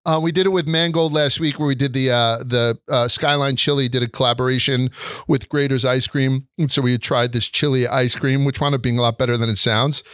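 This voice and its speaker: A young adult man hosting a casual chat, telling stories in an animated way and swearing often. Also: mid-range voice, brisk, clear, resonant tone, dry recording, clean studio sound. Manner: animated storytelling with frequent swearing. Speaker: host.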